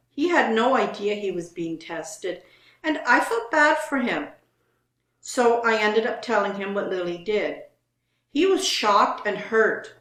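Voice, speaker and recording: A woman's voice: mid-range voice, fairly bright tone, reverberant. A woman co-hosting a casual show, reading online posts aloud and commenting on them.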